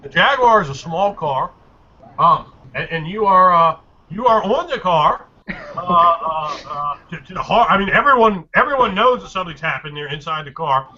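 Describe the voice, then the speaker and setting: Bright-voiced man running a tabletop game. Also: sits high, lively intonation. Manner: halting, many fillers and restarts while describing scenes. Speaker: game master. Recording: dull lo-fi recording, faint noise.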